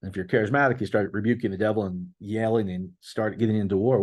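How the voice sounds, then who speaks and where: Male pastor, middle-aged, low husky voice, casual sermon delivery. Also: fairly even intonation, fast talker, a little mellow. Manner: conversational, reads out testimonies, addresses listeners as guys.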